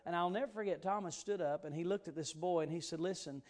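Guy preaching a church sermon, pretty high voice, earnest, hits key words hard. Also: fast, a little mellow. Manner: emphatic, earnest preaching with stressed repeated words.

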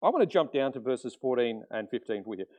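A middle-aged man preaching a sermon as pastor, conversational and animated, often acting out quotes. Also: mid-range voice, fast talker.

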